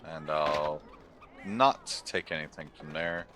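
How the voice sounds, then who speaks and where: A man's voice: rumbling low, slow, pushed and bright, a little hiss or hum. A man giving casual let's-play commentary, joking, exclaiming and reading his choices aloud. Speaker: gaming channel host.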